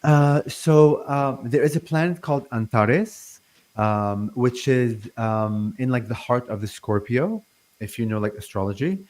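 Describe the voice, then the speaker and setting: A man's voice: mid-range voice, unhurried, a little mellow. Stuttering middle-aged man from Lebanon. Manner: stutters, many fillers and restarts. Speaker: guest. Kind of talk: casual interview talk.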